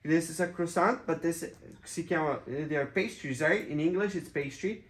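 A man's voice: a little high, normal speed, reverberant. A father playfully teaching his young children simple words, patiently repeating each one. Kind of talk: playful kids' vocabulary lesson.

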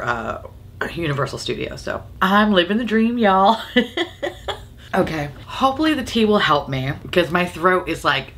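A young woman, sick and nasal from a sinus infection, hosting a casual makeup chat, animated and profane and laughing often. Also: deep voice. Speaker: makeup video host.

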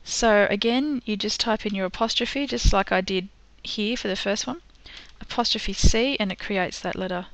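A woman teaching a screen-recorded software tutorial, patient and step by step, with frequent ums. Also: mid-range voice, moderate pace, few pauses, no echo.

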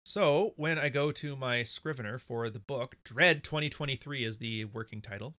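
A man's voice: medium pitch, moderate pace, pushed and bright, no room sound. A Canadian man hosting a casual livestream, talking in a blunt, profane, rambling way. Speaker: podcast host.

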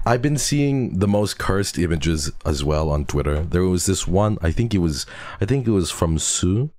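Stuffy and sniffling from a cold, a man with an extremely low, expressive, darkish voice chats with his stream audience at a moderate pace and reads their messages. He's playful and teasing, laughs often, and mixes in Tagalog and Korean endearments, with close, dry sound and no room around it.

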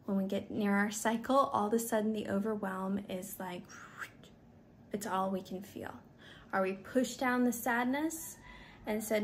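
A woman's voice: mid-range voice, unhurried, slight background noise. A woman talking candidly as a wellness coach, giving advice in a casual monologue and acting out the voices of others. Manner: candid, animated, acts out quoted apologies.

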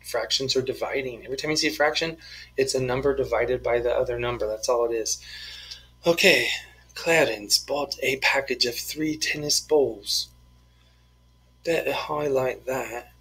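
A man's voice: mid-range voice, fairly bright tone, husky, rough recording. A man teaching a math lesson, talking through each step of the problems in a playful, joking way. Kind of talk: screen-recorded math lesson, working problems aloud.

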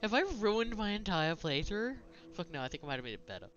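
A man's voice: a little high, big pitch swings, fast talker, a bit bright, muffled recording, slight background noise. A man giving casual, self-mocking commentary while playing a video game, swearing and laughing often. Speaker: gaming let's-player.

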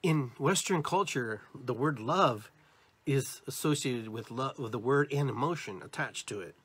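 A man's voice: mid-range voice, a little slow, fairly bright tone, husky. A man hosting a podcast, giving a motivational spiritual talk straight to his listeners, emphatic and repetitive. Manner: acts out different tones of voice as examples. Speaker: podcast host.

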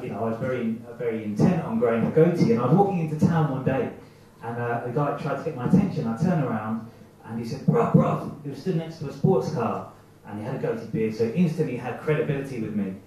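A man's voice: medium pitch, fast, dark tone, recorded from a distance, slight background noise. A man doing a rambling, self-mocking stand-up set at an open mic night, acting out the voices in his head. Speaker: stand-up comedian. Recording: echoey, muffled amateur club recording from afar.

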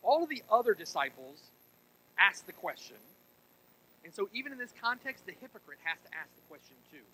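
A male pastor preaching a sermon, swinging between quiet intensity and loud emphasis and tossing in rhetorical asides to the congregation. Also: high voice, big pitch swings, a little fast, slightly rough, low-quality recording.

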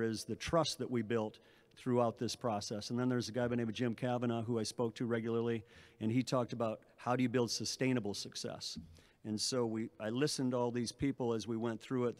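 Middle-aged man, athletic director at a podium, rambling thanks, mid-pitched voice. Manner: rambling thank-yous with many restarts. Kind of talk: press conference speech.

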